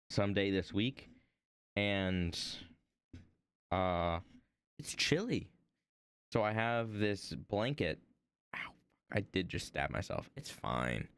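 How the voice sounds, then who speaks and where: A man's voice: on the low side, a bit bright, clear, resonant tone, dry recording. A man streaming himself woodcarving at home, chatting to viewers in a rambling, playful way. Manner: rambling, playful, talks to chat. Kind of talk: casual chat while woodcarving.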